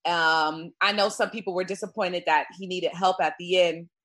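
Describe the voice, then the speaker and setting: A relaxed woman on a panel gives her opinions in a casual chat. Her voice sits somewhat low. She pauses often with fillers like um and like.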